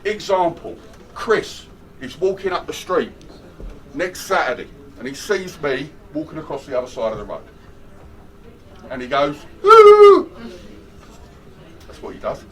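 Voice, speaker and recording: A man with a fairly high voice leads a lively, interactive stress management workshop at a moderate pace with long pauses. He's animated, jokey, and chatty, asking his audience questions, though the mic is distant and the recording rough.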